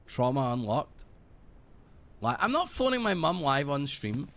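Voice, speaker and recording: A British man streaming a game, chatting casually in a rambling, sweary, animated way. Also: mid-range voice, a little slow, a little hiss or hum. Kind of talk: casual gaming stream chat.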